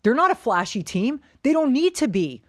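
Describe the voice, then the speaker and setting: A woman's voice: sits high, sing-song, moderate pace, no room sound, clean studio sound. A woman co-hosting a casual sports podcast, giving blunt, opinionated takes and swearing freely. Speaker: podcast co-host.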